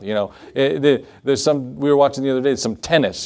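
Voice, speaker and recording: A man's voice: mid-range voice, steady tone, fast, few pauses, a little mellow, smooth. A middle-aged male pastor preaching a sermon in a conversational, storytelling way, with fillers and asides.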